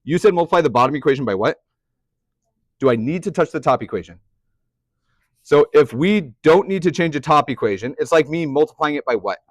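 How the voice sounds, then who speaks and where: A man's voice: medium pitch, dry recording, clean studio sound. A young man teaching a math class, chatty, often putting questions to the students. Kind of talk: classroom lecture.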